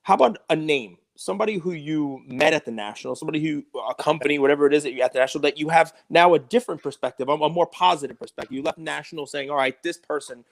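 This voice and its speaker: A man's voice: fairly high pitch, very fast, gravelly, few pauses. A man co-hosting a podcast, steering the talk with pushy questions. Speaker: podcast co-host. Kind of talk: casual chat.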